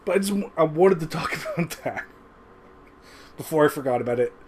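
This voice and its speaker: A man with a slightly high voice talks through a rewatch review with a lot of rise and fall in his pitch. He rambles and swears freely, and stops to chuckle as he goes. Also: animated, a little fast, a crowd in the background. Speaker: show reviewer. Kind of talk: casual review commentary. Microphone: webcam recording.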